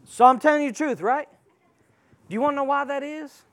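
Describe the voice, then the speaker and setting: A man's voice: very high voice, brisk. A man preaching a sermon, emphatic and calling out to the congregation.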